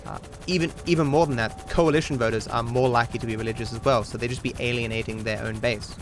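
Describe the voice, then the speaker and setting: A man's voice: mid-range voice, fairly even intonation, fast talker. A young Australian man livestreaming a speedrun, talking casually in a rambling, opinionated way full of fillers and restarts. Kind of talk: casual stream chat while gaming. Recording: home mic with game music and gunfire behind. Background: game music and gunfire.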